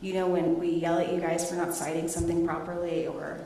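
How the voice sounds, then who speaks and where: A middle-aged woman, a teacher, presenting her research to students and taking questions in a lively, laughing way. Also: on the low side, fairly quick, slight background noise. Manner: animated, laughing storyteller. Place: large echoey hall. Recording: echoey hall, voice from a distance.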